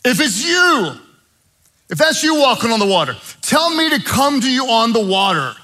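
A man's voice: extremely high pitch, big pitch swings, normal speed, sharp tone, voice pushed up, exaggerated voice. A man voicing a frightened male disciple who pleads urgently to be called onto the water. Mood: pleading.

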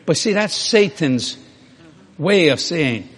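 Husky older man preaching with lively pitch. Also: slow pace. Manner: folksy, animated, laughing, acts out dialogue. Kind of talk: sermon storytelling.

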